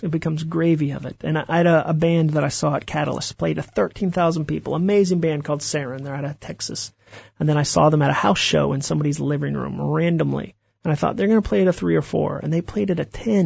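A man, an author being interviewed, telling stories in an animated way and acting out the voices he quotes. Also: fairly high pitch, gravelly, husky, dry recording, muffled recording. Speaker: author guest. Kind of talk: interview conversation.

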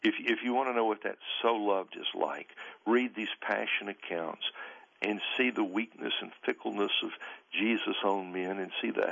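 Gravelly-voiced man, earnest and emphatic. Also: on the low side, a bit bright, muffled recording. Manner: earnest, emphatic, drawn-out stresses. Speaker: pastor and author guest. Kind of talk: radio interview, preaching tone.

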